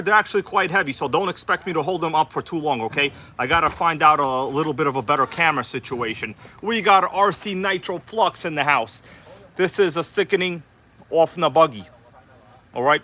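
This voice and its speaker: An RC livestream host from Queens, New York, with a New York accent, greets viewers by name in an exaggerated, hyped announcer style during a casual stream. His voice is fairly high, bright and forceful, in an indoor room with an air conditioner running.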